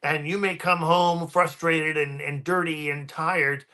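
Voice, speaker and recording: A man guesting on a podcast, chatting casually and winding through his stories with frequent ums and restarts. His voice is fairly high and bright. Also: flat delivery, unhurried. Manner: rambling, many ums and restarts. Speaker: guest paranormal researcher.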